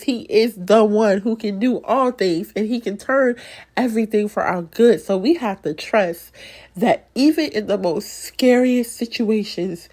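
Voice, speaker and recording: A woman's voice: mid-range voice, unhurried, a little mellow. A young woman hosting a faith podcast, giving an emotional, encouraging devotional talk with preacher-like repetition. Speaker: podcast host.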